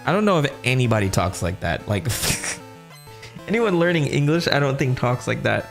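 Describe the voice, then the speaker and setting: A man streaming a game and chatting casually, joking in quick asides. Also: mid-range voice, sing-song, creaky, faint music behind. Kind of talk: casual gameplay commentary.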